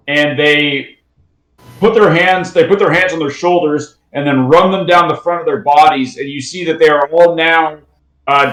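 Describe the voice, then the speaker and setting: A man narrating a tabletop game as game master, halting and pausing often. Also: a little high, echoey room, rough recording. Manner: halting, with many fillers and restarts.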